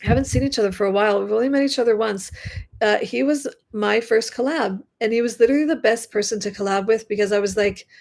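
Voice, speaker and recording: A woman hosting a relaxed live stream from her home at night, talking into her computer mic. Her voice has a gravelly, fry-tinged edge, and she rambles along in a chatty way, filling gaps with likes and ums. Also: a little high, quick pace. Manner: chatty, rambling, many fillers. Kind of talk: casual live stream chat.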